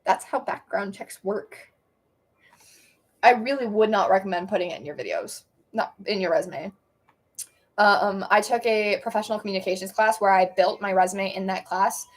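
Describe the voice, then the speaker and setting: Young woman streamer, mid pitch, reading her own story aloud, stumbles and self-corrects. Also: normal speed, poor audio.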